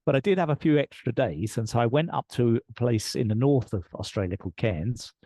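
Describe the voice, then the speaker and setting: An Englishman speaks as a podcast guest, telling a personal story in an earnest, reflective way with the odd soft laugh. His voice is warm and a little husky. The recording is dry and close. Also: medium pitch, brisk, no room sound. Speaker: podcast guest, leadership coach. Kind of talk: conversational storytelling.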